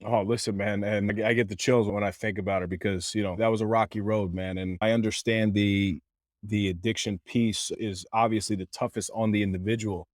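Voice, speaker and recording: A man's voice: fairly low pitch, fairly even intonation, fairly quick, dry recording, studio quality. A man telling an emotional personal story as a podcast guest, earnest, with many fillers and restarts. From Canada. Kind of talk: candid storytelling.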